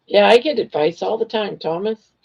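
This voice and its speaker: An older woman hosting a casual livestream chat, reading viewer comments in a gentle, reassuring way while hoarse from losing her voice. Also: mid-range voice, moderate pace. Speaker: livestream host. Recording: dull lo-fi livestream audio.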